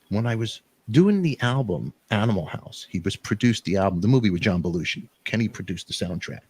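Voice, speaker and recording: A middle-aged man hosting a talk show, rambling through animated, emotional storytelling and quoting friends. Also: fairly low pitch, fairly quick, hardly any pauses, breathy edge. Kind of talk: emotional casual chat.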